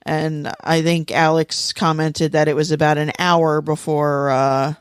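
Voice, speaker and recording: A woman's voice: deep voice, level tone, unhurried, clean tone, dry recording, clean studio sound. A woman in her forties co-hosting a podcast, talking in a blunt, wry, sweary way in casual chat. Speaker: podcast co-host.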